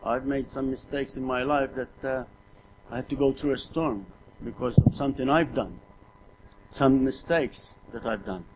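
A man's voice: medium pitch, moderate pace, background noise. A middle-aged man preaching a sermon in an earnest way, often repeating words and putting rhetorical questions to his listeners.

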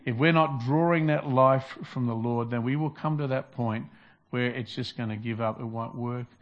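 A man's voice: medium pitch, normal speed, highs cut off. A man preaching a sermon in an earnest, repetitive style, restarting phrases as he builds his points. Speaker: pastor.

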